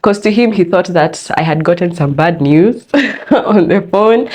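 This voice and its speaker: This young Kenyan woman hosts her own podcast, telling a personal story openly and candidly while really leaning into the telling. Her voice is slightly low, a bit lower than most women's, with a darkish tone.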